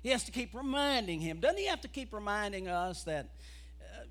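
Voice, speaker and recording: A man preaching a fiery revival sermon as an evangelist, building from quiet talk to shouted preaching. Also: sits high, animated, moderate pace.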